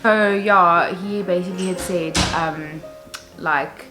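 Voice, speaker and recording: A young mother talks openly to her camera in a casual vlog. Her voice sits a little low for a woman, and she rambles along with plenty of fillers. Music plays clearly underneath her. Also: steady tone, slow pace, low-quality recording. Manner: candid, rambling, many fillers. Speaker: vlogger, new mother.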